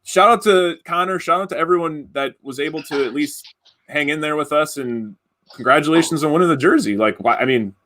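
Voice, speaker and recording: A man's voice: a little high, a little fast, a bit bright. A man hosting a live stream giveaway, chatting loosely with many fillers and restarts. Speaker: podcast host running a giveaway. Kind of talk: casual live-stream chat.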